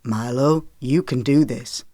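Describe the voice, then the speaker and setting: An audiobook voice of a steady, level-headed man, as the narrator reads him, speaking with calm and clear authority. His tone is even and reassuring, not far from the reader's own, with a dry, close sound. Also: mid-range voice, takes it slowly, no echo, pitched below the performer's own voice, lightly acted. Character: calm, steady man rescuing a boy in a storm. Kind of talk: audiobook character reading.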